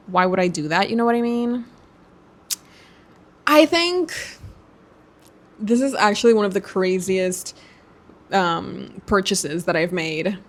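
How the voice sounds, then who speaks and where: A young woman vlogging casually to camera as she browses online, chatty and giggly, talking to herself. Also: medium pitch. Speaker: book vlogger.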